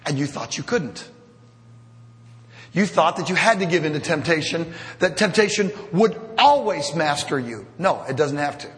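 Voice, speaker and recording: A man's voice: on the high side, animated, normal speed, fairly bright tone. A middle-aged man preaching a sermon as pastor, conversational and self-deprecating, with humorous asides. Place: church sanctuary. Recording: long reverb of a church hall.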